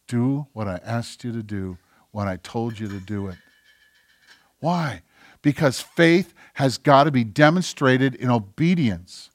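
A male pastor delivers a sermon in a voice of ordinary pitch. He drops into quiet, conversational asides and then builds to emphatic, insistent preaching. The recording is dry and close, with little room sound. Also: a little slow, dry recording.

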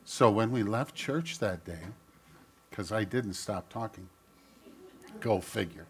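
An older man, a pastor, giving a gentle storytelling children's sermon and speaking directly to the kids. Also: fairly low pitch, slow pace.

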